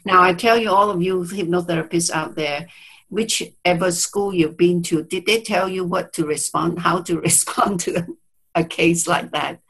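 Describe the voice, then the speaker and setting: A woman's voice: fairly low pitch, fairly even intonation, moderate pace, a bit bright, husky, poor audio. A woman therapist telling a client story in an interview, speaking reflectively, with hesitant restarts and quoted dialogue, over a video call. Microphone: video call mic.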